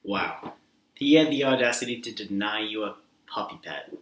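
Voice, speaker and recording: A young woman co-hosting a casual chat who teases and laughs a lot. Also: moderate pace. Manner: teasing, laughs a lot, swoops in pitch. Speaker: podcast co-host. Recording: echoey room.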